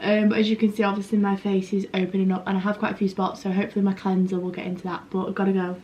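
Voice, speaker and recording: A woman's voice: medium pitch, flat delivery, rapid-fire, dark tone, slight background noise. A young woman vlogging at home, chatty and self-mocking, rambling through story times from her bedroom and kitchen. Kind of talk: casual chatty vlog.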